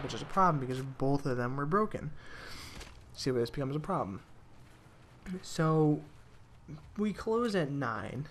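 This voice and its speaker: A man's voice: a little high, slight background noise. A young man telling rambling work stories in casual commentary over a video game, with restarts and the odd swear. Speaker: gaming commentator.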